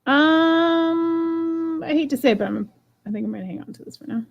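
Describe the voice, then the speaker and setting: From a room at home, a woman sells jewelry on a live stream, talking at a racing pace in a mid-range, creaky, husky voice, and the recording is muffled. She chats playfully and jokes at her own expense while unboxing items and running auctions.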